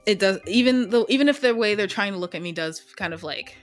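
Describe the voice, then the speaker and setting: A woman's voice: mid-range voice, animated, quick pace, faint music behind. Chatty, profane woman narrating a solo game. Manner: profane, chatty, self-interrupting. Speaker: solo tabletop game player. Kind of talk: casual solo role-play narration.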